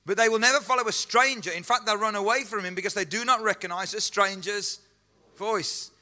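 A man's voice: high voice, fairly quick, pushed and bright. A man preaching a sermon as pastor, earnest and emphatic, repeating key phrases and asking rhetorical questions. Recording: echoey hall.

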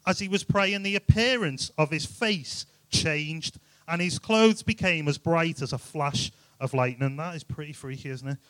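A man's voice: a little high, moderate pace, few pauses, a bit bright, no room sound. A man giving an informal, jokey youth sermon, full of rhetorical questions. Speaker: youth speaker.

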